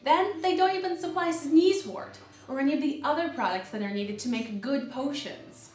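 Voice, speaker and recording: A woman doing a cranky witch with a fairly high, snappy voice and a sarcastic bite. The room is echoey, with faint music behind. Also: moderate pace, a little mellow, natural voice. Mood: grumpy. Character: grumpy, sharp-tongued woman witch.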